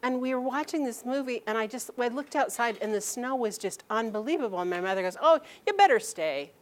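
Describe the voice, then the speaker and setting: Woman, middle-aged, storytelling to an audience, animated, laughs often. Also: a little high, quick pace, a little hiss or hum. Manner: animated, laughing, quoting her mother in lively bursts.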